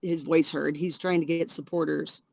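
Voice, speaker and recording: A woman's voice: sits low, fairly even intonation, moderate pace, creaky, darkish tone, no echo. Female panelist, blunt and direct, lo-fi dry sound. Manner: frank, argues her point plainly. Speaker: podcast panelist. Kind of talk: casual chat.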